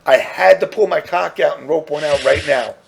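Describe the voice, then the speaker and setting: A man's voice: on the high side, normal speed, gravelly, crowd noise. A man hosting a casual podcast, ranting crudely and rambling while mocking others in put-on voices. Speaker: podcast host.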